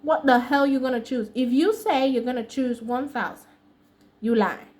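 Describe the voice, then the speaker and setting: A woman with a fairly high voice and an American accent tells a story to camera in a casual vlog. Her talk is chatty and slangy, often broken by laughs. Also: moderate pace, a little mellow. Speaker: vlogger.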